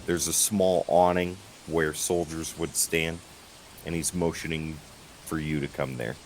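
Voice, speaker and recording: Man gm narrating a tabletop game, low slow voice, a bit of hiss. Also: steady tone, low-quality recording. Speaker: game master.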